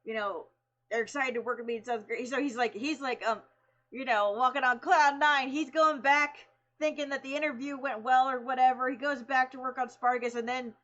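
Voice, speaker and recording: A woman streaming live tells a long story in a loose, rambling way, full of "like" and "you know". Her voice sits a bit high, and the stream audio sounds dull and lo-fi. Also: fairly quick. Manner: animated, rambling, many fillers. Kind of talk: casual storytelling.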